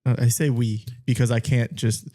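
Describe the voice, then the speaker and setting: A man's voice: medium pitch, level tone, normal speed, dark tone. A man co-hosting a podcast, easygoing and chuckling often. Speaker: podcast co-host. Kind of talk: casual chat.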